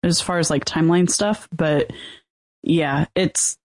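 A woman's voice: low-pitched, steady tone, unhurried, darkish tone, no echo, clean studio sound. A woman co-hosting a casual podcast, speaking mildly and trailing off as she thinks. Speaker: podcast co-host. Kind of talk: casual chat.

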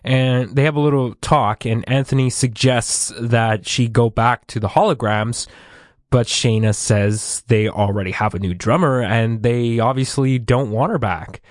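A man co-hosting a casual chat, recapping plot from his notes in a measured way. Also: mid-range voice, no echo, studio quality. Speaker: podcast co-host.

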